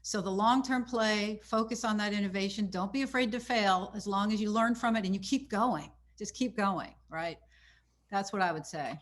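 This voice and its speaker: A woman speaking as a panel guest, earnest and emphatic. Her voice sits at an ordinary middle pitch, and she keeps checking in with her listeners as she makes her points. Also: normal speed. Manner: earnest, emphatic, frequent "right?" tags. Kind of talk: panel discussion remarks.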